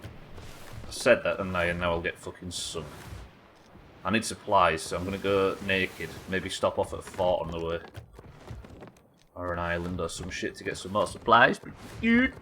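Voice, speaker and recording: Low-voiced man streaming a game. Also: moderate pace, long pauses, slight background noise. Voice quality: lively, swears casually, chatty asides. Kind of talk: live game commentary reading chat.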